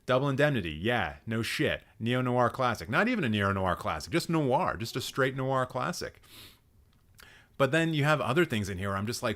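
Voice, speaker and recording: A man's voice: medium pitch, very animated, moderate pace, a bit bright. A man hosting a live stream, giving blunt, sarcastic commentary and swearing freely. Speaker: host.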